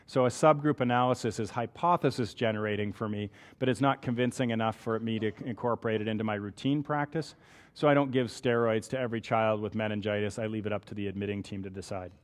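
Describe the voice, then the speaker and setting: A man's voice: lowish voice, steady tone, quick pace. A man with a Canadian accent giving a conversational medical lecture, often checking in with "right?". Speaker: physician lecturer. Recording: long hall reverb.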